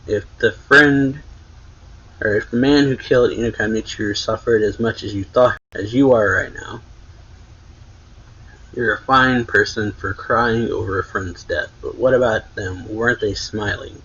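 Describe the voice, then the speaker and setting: A man reading aloud the lines of an anxious, shaken teenage girl assassin in a dull lo-fi recording, in his own low, husky voice. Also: fairly even intonation, measured pace, a bit bright. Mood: distraught. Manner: read plainly in the narrator's own voice. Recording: dull lo-fi sound.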